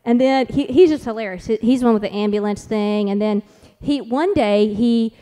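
A woman's voice: fairly high pitch, normal speed, warm tone, big-room sound. A mother speaking at a church family conference who tells anecdotes about her kids in a chatty, rambling way, with many "like"s and restarts. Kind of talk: conference talk with storytelling.

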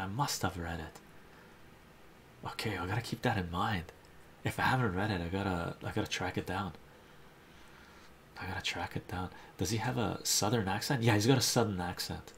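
Deep gravelly man chatting about comics. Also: slight background noise. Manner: enthusiastic, reads out chat messages and covers. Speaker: live stream host. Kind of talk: casual chat about comic books.

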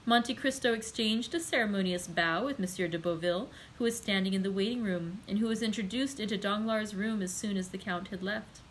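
A woman, a librarian, reading a classic novel aloud in a measured, clear way. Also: mid-range voice, slight background noise, rough recording. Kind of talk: audiobook read-aloud.

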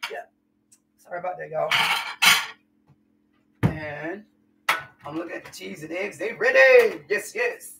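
A woman's voice: fairly low pitch, animated, measured pace, gravelly, long pauses, recorded from a distance, very noisy. A woman chatting folksily to viewers during a live cooking stream in her home kitchen. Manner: folksy, chatty, calls viewers y'all and honey. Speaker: home cook livestreamer. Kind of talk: casual live cooking chat.

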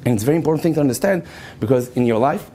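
Animated rabbi telling stories. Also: male voice, mid-range voice, racing. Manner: animated, acts out voices, laughs often, shouts in stories. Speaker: rabbi giving a talk. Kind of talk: lively storytelling lecture.

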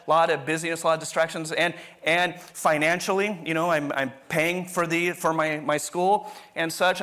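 A man's voice: fairly high pitch, sharp tone. A man preaching a sermon in a conversational, rambling way, often restarting his sentences. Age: adult, continuing university studies. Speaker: pastor.

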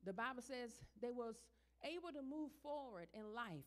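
A middle-aged woman minister preaching to her congregation in a church, her voice sitting a little on the high side. She talks with them plainly at first, then swells into loud, emphatic, high-pitched passages. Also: expressive, normal speed. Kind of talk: sermon.

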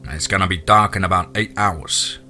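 A man's voice: low-pitched, moderate pace, bright, forceful tone, faint music behind. A man voicing a firm, authoritative small-town male police chief. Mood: businesslike.

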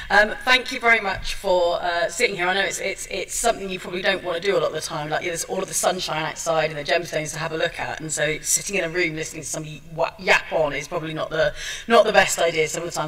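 Woman, chatty seminar presentation, self-deprecating, fillers and restarts, clear bright tone. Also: fairly low pitch, fairly even intonation, fast talker, far from the mic, poor audio. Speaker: seminar speaker. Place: seminar room at a trade show.

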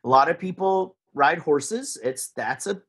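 A man's voice: a little high, lively intonation, measured pace, fairly bright tone, slightly rough. A man with a Texan accent, chatting casually as a podcast guest, rambling with lots of fillers and restarts. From Texas, USA.

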